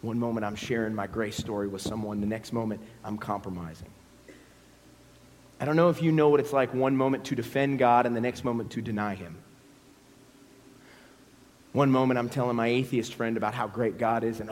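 A man's voice: medium pitch, brisk, pauses often. A man, a pastor preaching a storytelling sermon and acting out scenes in character voices. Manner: animated, acts out scenes in voices. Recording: long hall reverb.

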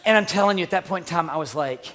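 A middle-aged man preaching, telling a personal story in a dramatic, animated way with sudden shouts and hushed asides. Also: sits high, rapid-fire, background noise. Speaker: pastor. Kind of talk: sermon storytelling.

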